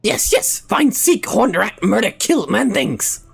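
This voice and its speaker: A man's voice: sits high, sing-song, slow, creaky, breathy edge, soft background music, pitched above the performer's own voice, exaggerated voice. A man putting on a voice for a scheming male ratman creature from a game, talking in clipped, broken phrases with an odd cadence. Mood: twitchy. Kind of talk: game stream impression.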